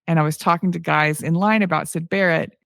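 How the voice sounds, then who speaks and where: A woman's voice: low voice, fairly even intonation, a little fast, gravelly, a bit bright, dry recording, studio quality. A woman co-hosting a podcast in casual chat, telling stories and acting out what people said. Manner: storytelling, acts out quoted people. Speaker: podcast co-host.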